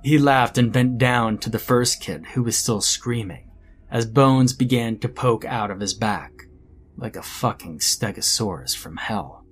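A man's voice: medium pitch, measured pace, slight background noise. A man narrating a scripted first-person horror story in a dramatic storytelling manner.

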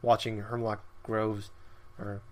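A man's voice: on the low side, little pitch movement, takes it slowly, darkish tone. Rambling young-sounding man chatting about games. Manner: rambling with many fillers. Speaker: podcast host. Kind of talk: casual gaming chat.

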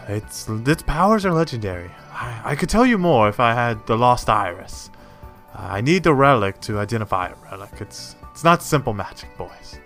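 Man doing a fussy old appraiser, raised lively pitch, loud, bright, "my boy" manner. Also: moderate pace, faint music behind. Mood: mysterious. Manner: calls others "my boy", hums and ponders aloud. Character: eccentric old male appraiser, fussy and grandfatherly. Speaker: non-player character.

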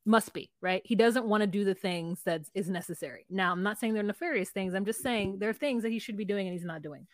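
A woman's voice: medium pitch, quick pace, dry recording. A woman co-hosting a podcast, chatting casually in a wry, gossipy way. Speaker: podcast co-host. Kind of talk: casual chat recapping a reality show.

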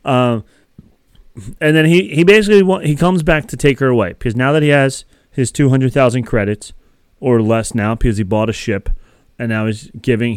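Man, smooth clear voice, dry close sound, casual rambling recap, lots of fillers. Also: medium pitch, no room sound. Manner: rambling, filler-heavy storytelling. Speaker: podcast co-host.

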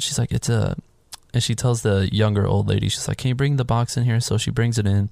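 A man in casual podcast chat, retelling a film scene by scene and acting out the characters in higher voices. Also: a little fast, vocal fry, dry recording, clean studio sound. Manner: animated, acts out characters' lines in higher voices.

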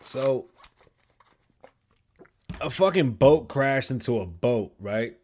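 Profane, animated man hosting a podcast. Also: mid-range voice, slow pace. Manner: profane, animated storytelling with loud outbursts. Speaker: podcast host. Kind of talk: casual solo podcast talk. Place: small home studio.

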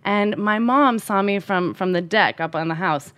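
A woman in her thirties telling a funny, self-deprecating personal story in an animated, conversational way. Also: medium pitch, moderate pace.

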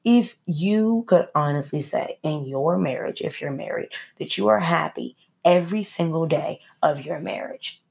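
A woman's voice: low voice, lively intonation, a little slow, creaky, few pauses, darkish tone. A woman hosting a casual solo podcast, chatty and opinionated, often joking and then taking it back. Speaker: podcast host.

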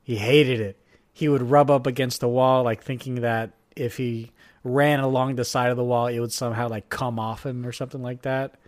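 A young man chatting casually and jokily as a podcast co-host, rambling and animated. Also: mid-range voice, a little fast. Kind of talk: casual chat.

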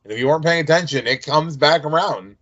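A man's voice: fairly high pitch, quick pace, fairly bright tone. Chatty man co-hosting a podcast. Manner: chatty, tells long side stories. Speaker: podcast co-host. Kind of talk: casual chat. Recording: dull lo-fi sound.

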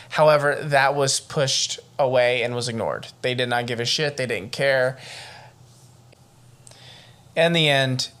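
A man co-hosting a casual true-crime podcast, telling the story in an animated, excitable way and swearing freely. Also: mid-range voice. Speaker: podcast co-host.

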